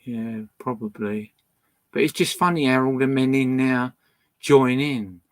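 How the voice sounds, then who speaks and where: A man's voice: mid-range voice, measured pace, rough recording. A man hosting a casual livestream from a boat, ranting angrily and swearing at viewers between records. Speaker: livestream host playing records. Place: indoors on a boat.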